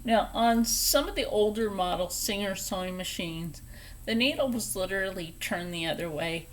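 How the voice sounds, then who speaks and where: A woman hosting a casual step-by-step sewing tutorial, chatty and playful, dropping into soft whispered asides as she works at a home sewing table. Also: mid-range voice, normal speed, a little hiss or hum. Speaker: sewing channel host.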